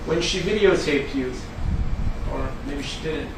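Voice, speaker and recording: A man's voice: fairly high pitch, measured pace. A man, an attorney, cross-examining a witness in court with pressing yes-or-no questions. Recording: distant echoey courtroom with noise.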